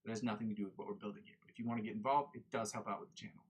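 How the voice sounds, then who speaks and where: Guy rambling on his guitar stream, talks fast, restarts his sentences a lot. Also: lowish voice, steady tone, husky, muffled recording. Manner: rambling, self-correcting, chatty. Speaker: livestream host, guitarist. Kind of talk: casual livestream chat.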